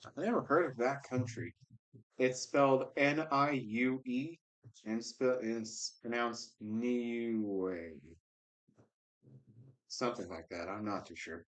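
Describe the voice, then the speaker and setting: A man hosting a casual livestream, chatting with viewers and reading their comments aloud in a relaxed, rambling way. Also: mid-range voice, unhurried, poor audio. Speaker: livestream host reading scripture.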